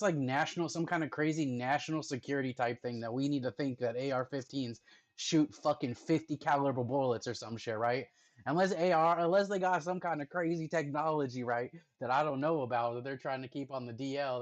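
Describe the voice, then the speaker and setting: A man's voice: mid-range voice, brisk. A man streaming and reacting to videos at home, chatting casually in a rambling, profane way, full of filler words. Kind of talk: casual chat.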